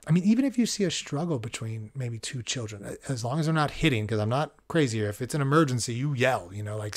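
Male podcast host, 30s, calm and self-reflective delivery. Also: medium pitch, fast talker.

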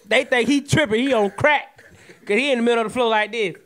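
Comedian co-host, Southern man, high-pitched and sharp, yells then mutters. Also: normal speed. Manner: animated, swings between yelling and mumbling, profane. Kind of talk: loud comedic riffing.

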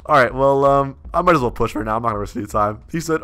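Excitable young man narrating gameplay. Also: mid-range voice. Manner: excitable, laughing, quick swings between mumbling and yelling. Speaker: gaming YouTuber. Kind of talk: gameplay commentary.

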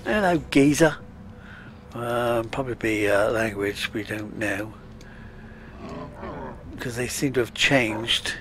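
A man's voice: mid-range voice, takes it slowly, pauses often, a bit bright. A man giving casual, chatty let's-play commentary, muttering to himself as he plays. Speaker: gaming channel host.

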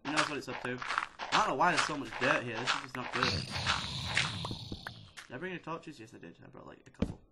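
Excitable male gamer over loud hiss. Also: medium pitch, fast, pauses often. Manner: excitable, chatters at game characters. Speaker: gaming video host. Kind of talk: casual let's-play commentary. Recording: loud steady background noise.

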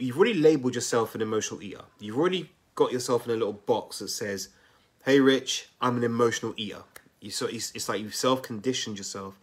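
A man with a fairly low voice runs a live coaching session and talks right to his audience. His delivery is chatty and energetic, studded with quick check-ins like "right?" and "okay?". He sounds like a coach who keeps his viewers talking back. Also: breathy edge. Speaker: weight loss coach. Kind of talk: live-stream coaching talk.

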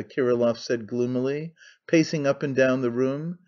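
A man narrating an audiobook in a measured, even reading. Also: mid-range voice, dull audio. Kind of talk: scripted narration.

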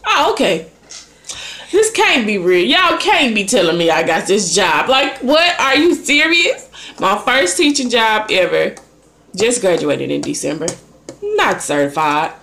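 A young woman vlogger casually telling a personal story to camera, acting out her own thoughts with lively shifts in voice. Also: medium pitch. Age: young adult.

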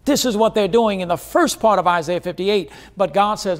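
A man's voice: sits high, moderate pace. A man preaching a sermon as pastor, driving points home with repeated phrases and questions to the congregation.

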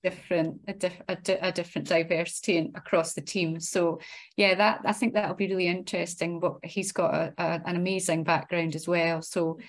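A woman's voice: lowish voice, level tone, a little fast. A middle-aged woman with a Scottish accent, chatting easily as an interview guest and often restarting her words. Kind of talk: casual interview chat.

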